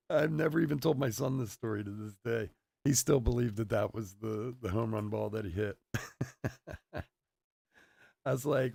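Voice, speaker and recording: A man's voice: mid-range voice, normal speed, vocal fry, no echo, clean studio sound. A middle-aged man hosting a live card break, chatting casually and telling stories with frequent laughter. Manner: storytelling, laughs often. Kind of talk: casual live-stream chat. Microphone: desk mic on a stream setup.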